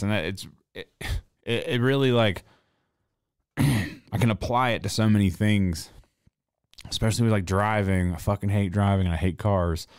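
A man's voice: sits low, clean tone, no room sound, studio quality. A man in his thirties hosting a podcast, telling a story in casual, rambling talk full of swearing. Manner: profane, rambling, animated storyteller. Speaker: podcast host.

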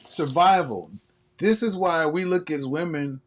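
A man's voice: on the high side, measured pace. A man hosting a live stream, ranting in a casual comedic way, profane and laughing often.

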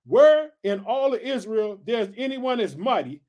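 A man's voice: very high voice, sing-song, a little slow, a little mellow, heavily acted. A man reading the lines of a bold young male warrior who taunts a general, with firm emphasis. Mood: taunting.

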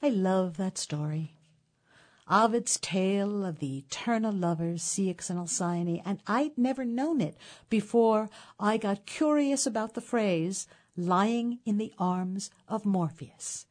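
A woman narrating a literary tale in a measured, expressive storytelling manner. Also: medium pitch.

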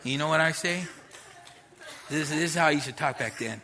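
A man's voice: on the high side, quick pace, pauses often, crowd noise, noisy background. A middle-aged man preaching a sermon as pastor, direct and conversational, with street slang.

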